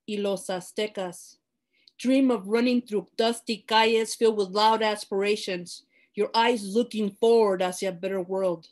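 A woman's voice: fairly high pitch, darkish tone. A woman poet reading her own poem aloud over a video call, building intensity as she reads. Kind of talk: poetry reading.

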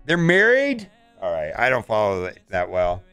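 A man's voice: on the low side, wildly swooping pitch, moderate pace, sharp tone, clean tone, no echo, soft background music. A man casually commenting on a mobile game as he plays, thinking aloud and often saying "all right".

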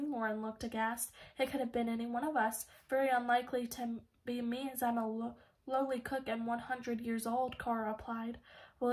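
A woman narrates an audiobook in a slightly high voice. Her intonation stays fairly even and does not swing much. She voices every character's dialogue herself and now and then stumbles and restarts a word. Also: rough recording. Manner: reads all the characters' dialogue in her own voice; occasional slips and restarts. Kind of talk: audiobook reading.

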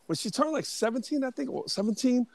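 A man in his fifties telling stories as a podcast guest, animated and restarting often. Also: very high voice, fast talker, vocal fry. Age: 50s. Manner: animated, restarts often, acts out quoted voices. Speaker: interview guest, booking agent. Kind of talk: casual storytelling.

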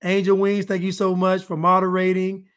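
A man's voice: high-pitched, monotone, normal speed, fairly bright tone. A man hosting a live podcast stream, chatting casually, joking, repeating himself and thanking viewers. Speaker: podcast host.

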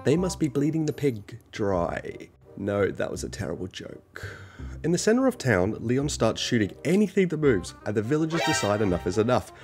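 A man's voice: mid-range voice, very animated, normal speed, music in the background. A man casually recapping a video game story, full of jokes and self-mocking asides. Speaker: gaming channel narrator.

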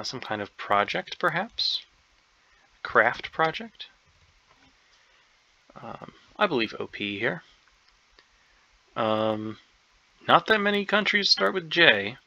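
A man with a sharp, gravelly voice thinks aloud through a crossword puzzle. He talks in hesitant, half-sure bursts, stacking ums and second guesses. The recording is dull and lo-fi. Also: medium pitch, big pitch swings, slow, long pauses. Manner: hesitant, unsure, many ums and self-doubts. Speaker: crossword solver.

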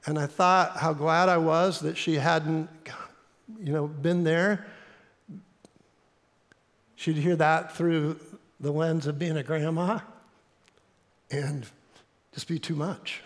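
A middle-aged pastor with a Midwestern accent, telling a story in a sermon in an earnest, halting way with fillers. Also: male voice, a little high, fairly even intonation. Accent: American Midwestern. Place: church sanctuary. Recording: long hall reverb in a church.

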